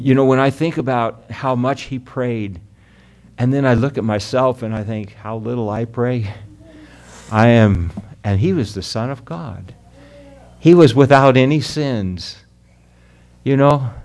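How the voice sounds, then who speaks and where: A man preaching a sermon to his congregation, earnest, calling them friends and beloved, rising loud on key words and slowing down to read scripture. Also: medium pitch. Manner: earnest preaching, drops loud then soft for emphasis, slows on scripture. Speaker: pastor.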